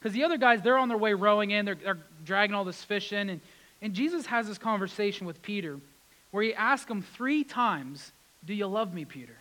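A man preaching a sermon, repeating key words for emphasis and swinging between loud, raised passages and hushed, quiet ones. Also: sits high, animated, a little fast, poor audio.

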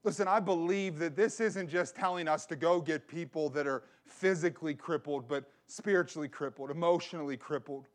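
A pastor preaches to his congregation, mixing scripture with a personal story. His voice sits a little higher than most men's, and he leans on repetition to push each point home. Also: fairly quick, few pauses. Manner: repeats phrases for emphasis. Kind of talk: sermon.

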